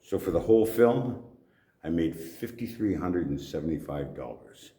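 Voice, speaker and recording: An older man, an actor, telling gruff, profane anecdotes. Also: deep voice, expressive, normal speed, warm tone. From Canada. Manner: gruff, swears casually, laughs at own stories. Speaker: actor guest. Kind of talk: anecdotal interview storytelling. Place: convention venue indoors. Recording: echoey convention room.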